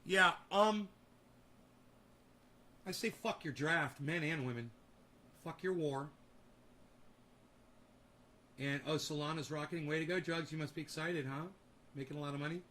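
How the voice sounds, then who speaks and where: A man's voice: a little high, moderate pace, pauses often, bright, forceful tone, slight background noise. A man hosting a livestream who rants heatedly at his chat, swearing freely and talking straight back to commenters. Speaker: streamer host.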